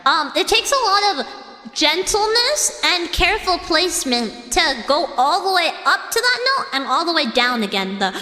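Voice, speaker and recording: A woman streamer with a very high, bright voice talks to her chat in a casual, excitable way. She explains singing technique as she reacts, full of "like" and "uh", and her pitch swings widely. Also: normal speed, no echo. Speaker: streamer and singer.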